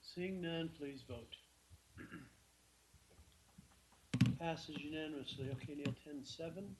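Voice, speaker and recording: A man chairing a city council meeting, brisk and procedural as he calls for public comment and votes. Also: on the high side, noisy background.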